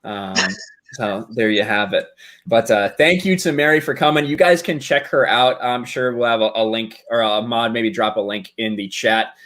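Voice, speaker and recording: A man's voice: mid-range voice, normal speed, a bit bright. A man hosting a casual charity stream, upbeat and thanking donors with frequent fillers. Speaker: stream host.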